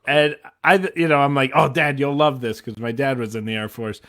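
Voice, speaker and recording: A man co-hosting a podcast, telling a relaxed anecdote with self-mocking humor in casual chat. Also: mid-range voice, moderate pace. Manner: easygoing, self-mocking storyteller. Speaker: podcast co-host.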